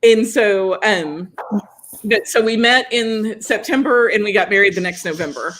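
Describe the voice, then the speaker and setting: A woman's voice: medium pitch, unhurried, a little hiss or hum. A woman, co-hosting a podcast and telling a story in casual chat, laughing often and acting out the lines of the people in it. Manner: animated, laughing, acts out quoted dialogue. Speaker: podcast co-host.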